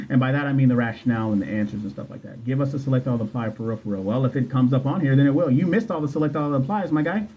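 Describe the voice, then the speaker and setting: Male livestream host, exam coach, husky voice, casual and repetitive, muffled lo-fi audio. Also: mid-range voice, fast talker. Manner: chatty, loose, repeats phrases, slangy asides. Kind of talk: casual livestream chat reading viewer comments.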